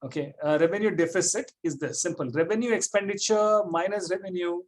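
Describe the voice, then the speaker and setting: A man's voice: high-pitched, fairly quick. A man teaching a classroom economics lecture, repeating points and checking often that students follow.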